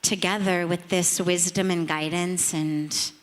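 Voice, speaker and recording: A middle-aged woman, a spiritual teacher, telling a reflective story to an audience in a measured, earnest, emphatic way. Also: fairly low pitch, fairly even intonation. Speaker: spiritual teacher speaking on a panel. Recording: long reverb of a large hall.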